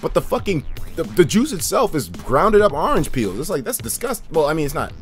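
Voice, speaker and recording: Animated, foul-mouthed male streamer. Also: fairly high pitch, brisk, faint music behind. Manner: profane, animated, laughs often, talks straight to chat. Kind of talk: casual livestream chat reacting to chat and a game.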